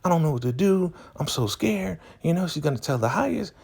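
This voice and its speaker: A nervous young woman pleads in a high falsetto, with a man playing her. The voice is fretful and insistent, and a gravelly grain from the man's own voice sits beneath it. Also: expressive, moderate pace, a little mellow, heavily acted. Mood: scared. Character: anxious young woman follower.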